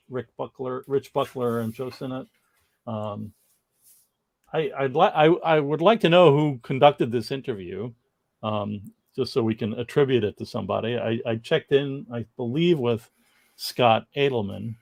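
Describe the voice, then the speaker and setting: A man's voice: medium pitch, creaky, a little mellow. A man co-hosting a casual comics history livestream, rambling and laughing as he reads viewer comments aloud.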